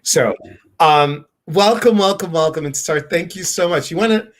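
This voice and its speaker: An excited, bubbly man hosting a casual live stream. He greets viewers one by one with lively enthusiasm. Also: a little high, normal speed.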